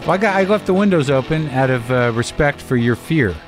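A man's voice: medium pitch, expressive, a little fast, faint music behind. Rambling, profane male comedy podcast host. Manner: rambling, anxious, profane, self-mocking. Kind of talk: comedic monologue and casual chat.

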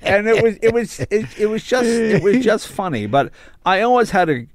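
Lively older male comedian, dry sound. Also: high-pitched, moderate pace, no room sound. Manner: rambling storyteller, slips into animated impressions. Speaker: stand-up comedian guest. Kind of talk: casual interview chat.

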